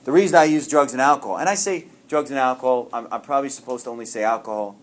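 A middle-aged man speaks to a room of peers, telling his own story in a loose, rambling way. His voice sits in an ordinary middle pitch, earnest and self-deprecating, with plenty of restarts. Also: racing. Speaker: speaker sharing at a recovery meeting. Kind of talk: personal testimony to a group.

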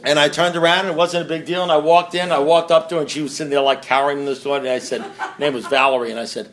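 A man's voice: fairly high pitch, steady tone, fast, few pauses, a bit bright, slight background noise. A man sharing a story with a recovery meeting, rambling and self-mocking, with many asides to the listeners. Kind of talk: storytelling share to a meeting audience.

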